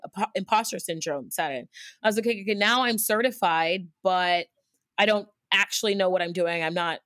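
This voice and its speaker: A cycling instructor with a mid-range voice tells a personal story in conversation, earnest and lively, often restarting sentences and slipping in fillers. The sound is studio quality with no echo.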